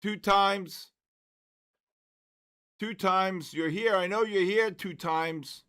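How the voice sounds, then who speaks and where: A man's voice: sits high, slow, sharp tone, clear, resonant tone. A man in his sixties hosting a trading livestream, joking and exasperated as he spells out viewer names letter by letter. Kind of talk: casual livestream chat, calling out viewer names.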